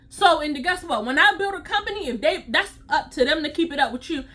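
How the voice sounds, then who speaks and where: Sassy, high-voiced woman storyteller. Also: lively intonation, a little fast, few pauses, a bit bright. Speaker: CPR instructor. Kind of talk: storytime vlog.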